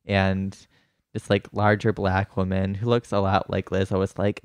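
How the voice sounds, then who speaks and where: A man's voice: low-pitched, completely flat delivery, moderate pace, clean tone, no echo, studio quality. A man co-hosting a podcast in casual comedic chat, chatty and laughing, with many fillers. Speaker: podcast co-host.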